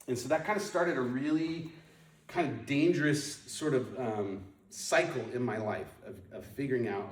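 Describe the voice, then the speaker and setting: A man tells a personal story to a group, chatty and full of restarts and filler words. His voice sits at an average pitch and carries a roomy echo, picked up from some distance away from the mic. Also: normal speed. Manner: storytelling, animated, lots of ums and restarts. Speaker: speaker sharing his testimony. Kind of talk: personal testimony talk. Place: moved to Portland in the nineties.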